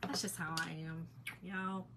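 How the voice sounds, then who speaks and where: A middle-aged woman talks casually to her livestream viewers as she works on a craft at the table. Her voice is bright and clear, with a chatty, down-home manner. A faint hiss sits under the recording. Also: fairly low pitch, little pitch movement, unhurried.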